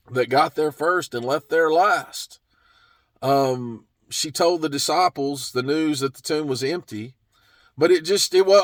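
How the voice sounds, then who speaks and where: A man preaching a sermon, telling the story slowly and earnestly and sometimes dropping to a soft, hushed voice. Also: a little high, dry recording. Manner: slow, earnest storytelling with drops to a soft hush.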